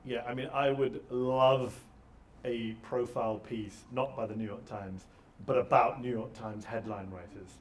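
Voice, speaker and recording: A man moderating a live panel discussion in a theater, talking fast and energetically with self-deprecating asides. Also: mid-range voice, steady tone, recorded from a distance. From Britain. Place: theater stage.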